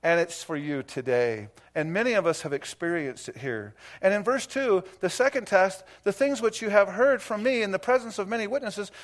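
A high-pitched male pastor gives a sermon that moves between quiet closeness and loud emphasis. Along the way he shares anecdotes and makes light jokes about himself.

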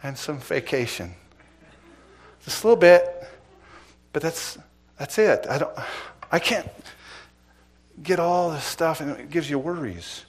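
A middle-aged man preaching as pastor, asking the congregation pointed questions and swinging between loud emphasis and quiet asides. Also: on the high side, lively intonation, a little slow, pauses often. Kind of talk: sermon.

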